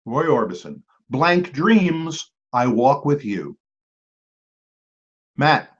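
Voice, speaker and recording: A man hosting a trivia game. He reads each clue twice and adds chatty asides and quick apologies to the teams. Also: medium pitch, very animated, breathy edge. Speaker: quiz host. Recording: dull lo-fi recording.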